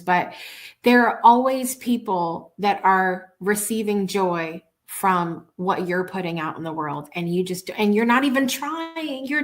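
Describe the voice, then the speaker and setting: A woman hosting a live show, telling stories in a casual, earnest, chatty way, often restarting her sentences. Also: medium pitch. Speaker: show host.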